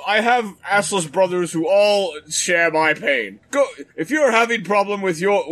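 A blustering, pompous old British gentleman with a put-on British accent, as a man plays him for laughs on a podcast. He speaks high and grand. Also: full character voice.

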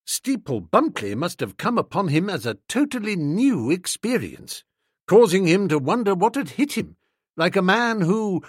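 A man narrating a comic novel in the first person, wry, expressive, and playful. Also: fairly high pitch, no echo, studio quality. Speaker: audiobook narrator.

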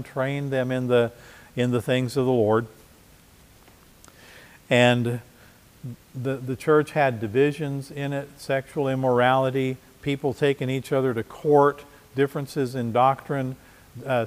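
A man's voice: medium pitch, in a large hall. A man preaching a sermon as pastor, conversational, with frequent restarts and repeated words. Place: church.

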